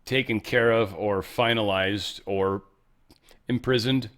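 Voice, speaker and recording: A podcast host with a lowish, slightly bright voice and fairly even intonation takes his time on a casual political commentary monologue. He rambles through the news offhandedly, correcting himself along the way.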